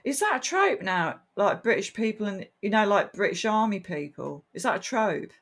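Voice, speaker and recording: A woman of ordinary middle pitch chatting about films with a co-host. She is wry and blunt, dropping swear words casually as she picks holes in the plot. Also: expressive, moderate pace. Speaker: podcast co-host. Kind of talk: casual film-review chat.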